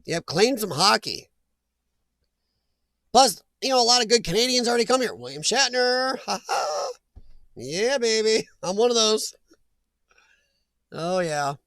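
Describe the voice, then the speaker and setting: A man's voice: high voice, very animated, measured pace, pauses often, fairly bright tone, no echo. A middle-aged man hosting a live chat stream, rambling and joking as he reacts to viewers' comments.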